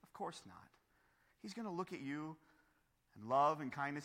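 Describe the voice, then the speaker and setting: A man preaching a sermon as pastor, earnest and building to forceful emphasis, with frequent restarts and rhetorical questions. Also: a little high, sing-song, a little slow. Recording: long hall reverb.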